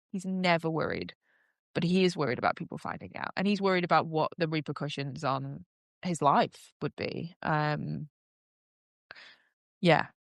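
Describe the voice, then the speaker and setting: A woman's voice: on the low side, smooth, dry recording, clean studio sound. A woman hosting a podcast, recapping a show in a gushing, casual chat full of fillers. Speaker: podcast host.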